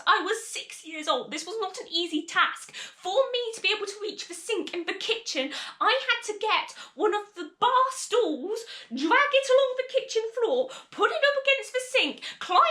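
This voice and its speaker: Chatty high-voiced young woman. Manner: chatty, animated, laughs through the story. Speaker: vlogger. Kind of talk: casual storytime vlog. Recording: echoey room.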